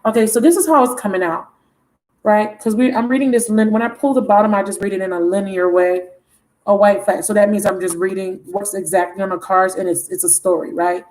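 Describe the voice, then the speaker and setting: A woman giving a casual tarot reading in an animated, chatty way, with exclamations and self-interruptions. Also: medium pitch, a little fast, poor audio. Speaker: tarot reader.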